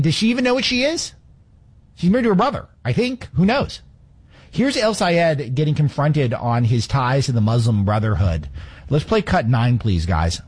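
A man's voice: medium pitch, a little mellow, slightly rough. A man in his thirties hosting a political commentary show, sarcastic and fond of mocking rhetorical questions. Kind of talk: opinionated monologue with played clips.

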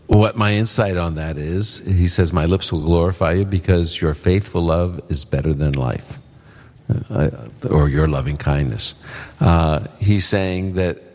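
A man answering Bible questions before a live audience, explaining in a relaxed, conversational way. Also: low voice, measured pace. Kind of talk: call-in Bible Q&A. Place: live event hall with audience. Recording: long hall reverb.

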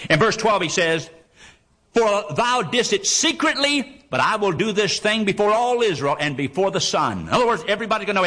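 A male preacher with a high, bright voice that swoops up and down as he preaches. He reads old scripture aloud and throws out emphatic questions, then answers them himself. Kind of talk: sermon with scripture reading.

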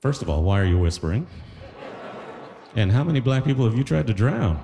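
A man's voice: medium pitch, sing-song, a little fast, vocal fry. A man performing a stand-up comedy set, talking loosely with lots of asides. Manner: loose conversational delivery with many asides. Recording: live stage with long hall reverb.

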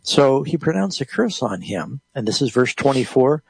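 A gravelly, slightly husky man answers listeners' Bible questions on a call-in radio program. He explains plainly and reads passages aloud, recorded close and dry in a studio. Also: medium pitch, sing-song, moderate pace, few pauses, dry recording.

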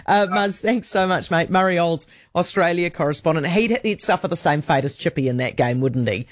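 A woman hosting a talk radio show, brisk, blunt and opinionated. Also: fairly low pitch, no echo, clean studio sound. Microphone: studio microphone.

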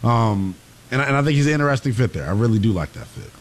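A man co-hosting a sports radio show, speaking in a measured way with frequent "um"s. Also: mid-range voice, expressive. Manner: measured, filler-heavy. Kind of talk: casual sports talk.

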